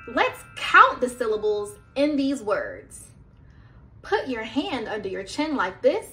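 A woman's voice: a little high, pushed and bright. A woman teaching young children, drawing out her words and prompting them to repeat and answer. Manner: slow, drawn-out teacher talk with prompts for kids. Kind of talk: children's lesson.

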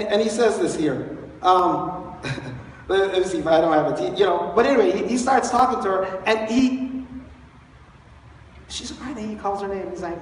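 High-voiced man preaching in an echoey hall. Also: slight background noise. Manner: animated storytelling, chuckling often. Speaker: pastor. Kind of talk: sermon. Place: church sanctuary. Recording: echoey hall, far from the mic.

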